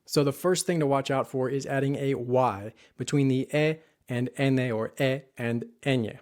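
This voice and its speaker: A man teaching Spanish pronunciation in an online lesson, saying each word slowly and carefully to show how it should sound. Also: mid-range voice, darkish tone. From United States. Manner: clear, careful modeling of words.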